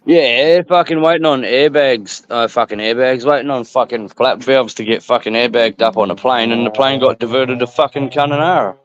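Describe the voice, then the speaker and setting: A man's voice: medium pitch, moderate pace, few pauses, slight background noise. An Australian man hosting a casual live stream, tired and grumbling about work with blunt, heavy swearing. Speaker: stream host. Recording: muffled lo-fi audio.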